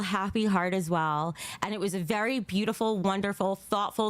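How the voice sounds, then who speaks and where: A young adult woman livestreaming in a casual chat, gushing and emotional, rambling as she talks to her viewers. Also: mid-range voice.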